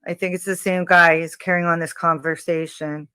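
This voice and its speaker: A woman hosting a true crime channel, describing audio clips in a hesitant way with many pauses and fillers. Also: on the low side, clean tone, no echo. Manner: hesitant, many ums, slow and even.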